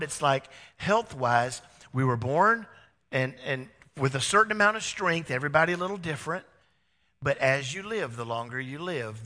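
Animated male pastor preaching in an echoey hall. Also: medium pitch. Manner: animated storytelling, acts out dialogue, swings from loud to hushed. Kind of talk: sermon.

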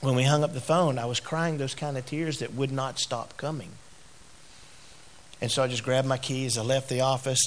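A middle-aged man preaches from the pulpit in a mid-pitched voice. He moves from quiet, halting storytelling to louder, rising exhortation. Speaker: pastor. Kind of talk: sermon.

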